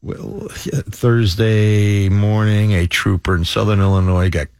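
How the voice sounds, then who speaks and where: A man's voice: fairly low pitch, level tone, a little slow, darkish tone, smooth, no room sound. A man co-hosting a casual radio talk show, jokey and streetwise. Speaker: radio co-host. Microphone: studio microphone. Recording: dry studio sound with faint music.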